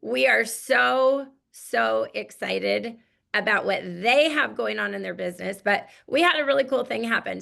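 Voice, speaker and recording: Woman host, enthusiastic motivational caller, bright voice with heavy vocal fry. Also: medium pitch. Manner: enthusiastic, effusive. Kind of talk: motivational business call.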